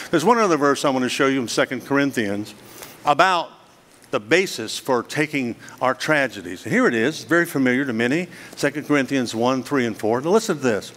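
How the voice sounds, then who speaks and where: Earnest preacher in a reverberant hall. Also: male voice, medium pitch, fairly bright tone. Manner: earnest, dramatic storytelling with rhetorical questions. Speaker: guest speaker. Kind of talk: sermon. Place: church hall.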